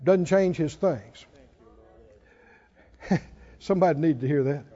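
A man's voice: a little high, slow, warm tone, husky. A man preaching a sermon, chuckling often and building to emphatic calls to his listeners. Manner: preaching with laughs and rising exhortation. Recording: dull sound in a reverberant hall.

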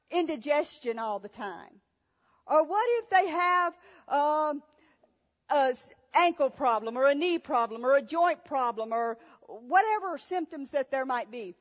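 A woman's voice: high voice, fairly bright tone. A woman preacher giving a sermon, asking rhetorical questions and telling stories with emphasis. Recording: echoey hall, dull sound.

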